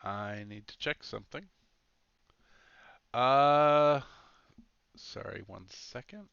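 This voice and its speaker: A man's voice: medium pitch, takes it slowly, gravelly, fairly bright tone, clear, resonant tone, no echo, muffled recording. A man acting as game master in an online tabletop game, thinking aloud and correcting himself as he makes rulings. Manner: rambling, self-correcting rulings.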